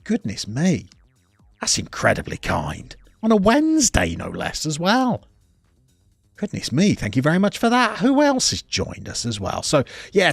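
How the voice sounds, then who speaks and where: A man with a medium-pitched voice streams a football management game, recorded dry. He chats casually, reads chat messages aloud as he goes, and keeps interrupting himself.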